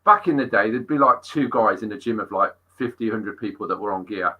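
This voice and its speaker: A middle-aged fitness coach tells gym stories in an animated, sweary podcast chat. His voice is forceful and tense, with a husky edge. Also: on the low side, a little fast, low-quality recording. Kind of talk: casual interview storytelling.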